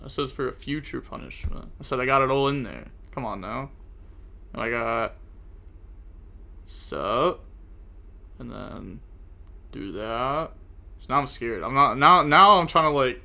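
Gravelly, bright-toned young male streamer. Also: mid-range voice. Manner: frustrated, self-critical, talks to chat. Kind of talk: live card game commentary.

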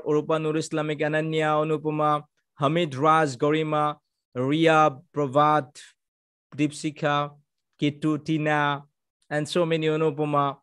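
A man's voice: fairly high pitch, clean tone. A man hosting a live online session, chatty and upbeat, thanking viewers and reading out their names. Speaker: moderator.

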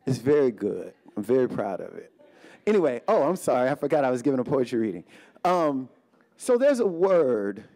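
A man with a Southern Louisiana accent performs at a live poetry reading. His voice is mellow and warm, and his pitch rises and falls in lively swings. He reads his poems slowly and softly, and jokes with the room in between. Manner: slow, hushed delivery of poems; bubbly, animated banter between. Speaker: poet. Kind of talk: poetry reading with audience banter. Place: live reading in a hall with an audience.

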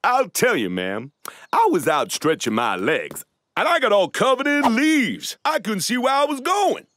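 A man voicing a bashful, polite male hedgehog in a children's cartoon, speaking slowly and apologetically. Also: high voice, wildly swooping pitch, a bit bright, no room sound, studio quality, heavily acted. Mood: apologetic.

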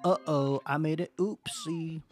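A man's voice: on the high side, a little slow, darkish tone, soft background music. A man casually commentating as he plays a video game on a livestream, joking around and greeting viewers. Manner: goofy, joking, chatting to viewers. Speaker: streamer.

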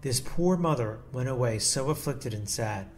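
A man reading a devotional text aloud in a slow, solemn and measured way. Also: mid-range voice, lively intonation, a little hiss or hum. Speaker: devotional reader.

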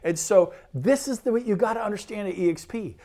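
A man's voice: high voice, a little fast, dark tone. Enthusiastic rambling real estate man. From Sacramento, California. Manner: enthusiastic, rambling, repeats phrases. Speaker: real estate broker presenting a brokerage. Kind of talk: sales pitch talk.

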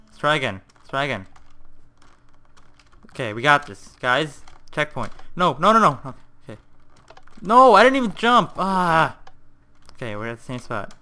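A young man hosting a gaming video, giving excitable live commentary with frequent swearing and bursts of frustrated yelling. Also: fairly high pitch.

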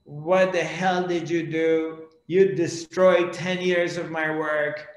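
Guy doing a mad scholar yelling insults, slow, echoey. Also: fairly high pitch, level tone. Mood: enraged. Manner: shouting insults. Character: furious learned man, short-tempered.

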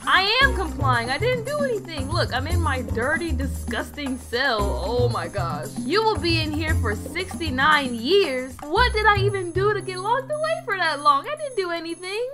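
A woman's voice: very high-pitched, sing-song, normal speed, few pauses, over music. Chatty, exasperated young woman. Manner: chatty and exasperated, with slangy asides. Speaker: game role-play creator. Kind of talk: casual game role-play narration.

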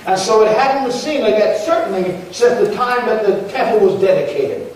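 This high-pitched, expressive male pastor delivers a sermon at a moderate pace, his tone slightly mellow as he repeats words earnestly and rises into pleading prayers. The echoey church recording is captured from afar, with faint ambience and a little hiss or hum.

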